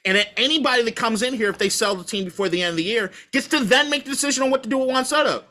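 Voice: medium pitch, lively intonation, fast talker, few pauses, sharp tone. Heated, profane sports-talk ranter. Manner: emphatic repetition.

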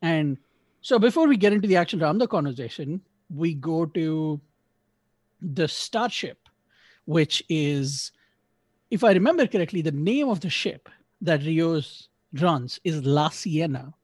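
A man's voice: fairly high pitch, lively intonation, measured pace, a little mellow, no room sound. A man hosting a podcast, reviewing an episode in casual chat with rambling, self-correcting talk and joking asides. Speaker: podcast host.

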